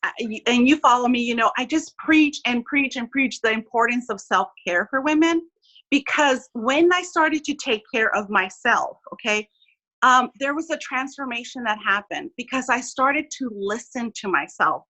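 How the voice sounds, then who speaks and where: Woman in her 40s, bright clear voice, earnest chatty guest, keeps saying right?. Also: a little high, lively intonation, normal speed, rough recording. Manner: earnest, repeats "right?" often. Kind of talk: candid interview talk.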